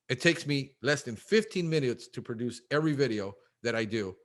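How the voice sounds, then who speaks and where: A man talking casually in an interview, animated and fast, acting out little quotes and calling the host bro. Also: medium pitch. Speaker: guest, pest control business owner.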